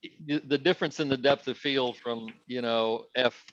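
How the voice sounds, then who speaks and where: A man who organizes the workshop talks casually to the group, thinking aloud with frequent fillers and restarts. He comes through a video call with a dull, muffled sound. His pitch sits in an ordinary middle range. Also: steady tone, moderate pace, a bit bright.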